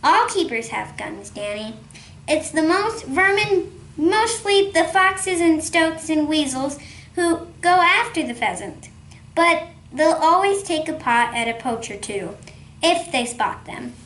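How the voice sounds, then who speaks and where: A lively, conspiratorial father spinning tales with relish, as a woman reader puts him on. The voice sits high and moves at a slow, deliberate pace. It rings in an echoey room. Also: heavily acted. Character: cheerful rural father, storyteller, man.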